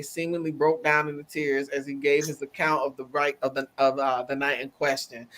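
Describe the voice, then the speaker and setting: Emphatic, animated woman co-host. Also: sits low. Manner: animated, emphatic, repeats words for effect. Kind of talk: casual chat.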